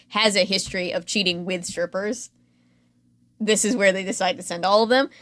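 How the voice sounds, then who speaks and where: A woman's voice: medium pitch, a bit bright, no room sound. A woman co-hosts a casual podcast, retelling a reality show with a dry, sarcastic edge and plenty of fillers. Her voice sits in an ordinary middle range. The recording is close and dry, with no room sound. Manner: chatty, sarcastic storytelling with frequent fillers. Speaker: podcast co-host.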